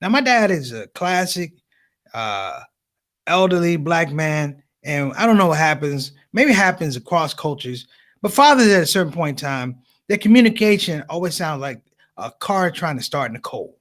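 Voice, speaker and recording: Male stand-up comic, high-pitched, very lively delivery, addresses crowd directly. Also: normal speed. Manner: animated storytelling, addresses audience as brothers and sisters. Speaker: comedian. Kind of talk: stand-up comedy.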